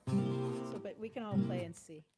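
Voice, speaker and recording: A woman singer chatting softly and hesitantly between songs during a live stream, with many fillers. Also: mid-range voice, normal speed. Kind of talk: casual chat between songs. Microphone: home live stream setup. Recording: guitar accompaniment throughout.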